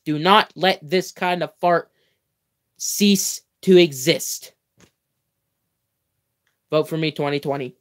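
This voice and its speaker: A young man reads a comic book aloud on a livestream at an unhurried pace, playful and theatrical. He stretches words out, stumbles and corrects himself, and breaks off into chatty asides before going back to the page. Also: a little high, a bit bright. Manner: playful, theatrical reading with mock-grand exclamations. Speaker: livestream host.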